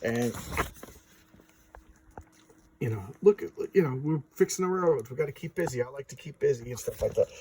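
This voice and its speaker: A man's voice: mid-range voice, expressive, normal speed, pauses often, background noise. A man giving a casual, loosely told recap of a comic book issue, now and then acting out the characters' lines.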